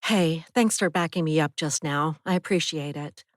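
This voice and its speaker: A woman's voice: deep voice, normal speed, no room sound, clean studio sound, natural voice. A woman voicing a spirited, determined young woman renter in an audiobook. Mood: friendly.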